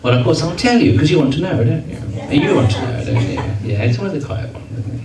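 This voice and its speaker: Quick, animated and creaky, this man's voice runs on the high side. He's an entertainer bantering and teasing a live crowd in a function hall, recorded from afar in the hall's roomy acoustics.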